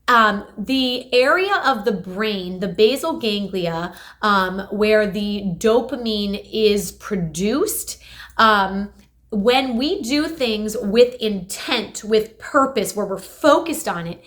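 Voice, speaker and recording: A young adult woman who works as a speech therapist explains something energetically and emphatically in an instructional health video, her voice fairly high-pitched.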